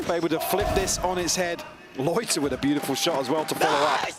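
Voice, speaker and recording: A man giving measured analysis as co-caster on a live esports broadcast. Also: fairly high pitch, steady tone, loud music behind the voice. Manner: measured, analytical, quick laughs. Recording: noisy live broadcast feed.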